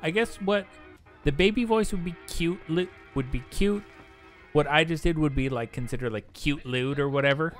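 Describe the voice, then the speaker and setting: Young man, gaming streamer, casual, profane, rambling, soft music under. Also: fairly high pitch, normal speed. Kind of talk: casual chat while gaming.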